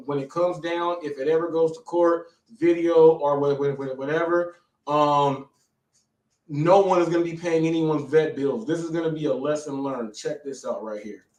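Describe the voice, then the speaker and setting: A man's voice: a little high, steady tone, normal speed, a little mellow. Breathless, stammering man in a roomy echo. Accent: American. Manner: breathless, repetitive, stammering restarts. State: out of breath and shaken. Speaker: live show host. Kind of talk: excited live-stream storytelling. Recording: echoey room, distant mic.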